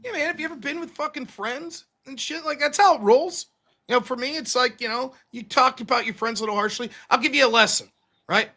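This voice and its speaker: A young man with a high, bright voice hosts a live stream, talking loose and profane and slipping into mocking impressions of other people. He talks in a casual, storytelling way. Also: fairly quick. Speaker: debate stream host.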